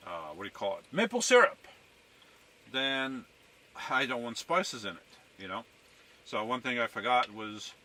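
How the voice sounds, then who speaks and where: A man's voice: mid-range voice, recorded from a distance, noisy background. A man chatting casually to his viewers as folks while cooking inside his camper van, often restarting and correcting himself. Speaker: van life vlogger. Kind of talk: casual cooking vlog talk.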